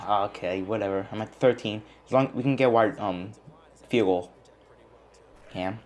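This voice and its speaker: A young man giving excited gameplay commentary as a gaming channel host, groaning and yelling at his team. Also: fairly low pitch, moderate pace, long pauses. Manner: frustrated, yelling at the game. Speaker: gaming YouTuber.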